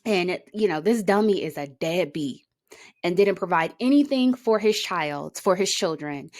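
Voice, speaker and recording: A woman's voice: fairly low pitch, expressive, moderate pace, dry recording. Outspoken woman vlogger, emotional and blunt. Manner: emotional, outspoken, swears freely. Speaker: commentary vlogger. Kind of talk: casual commentary.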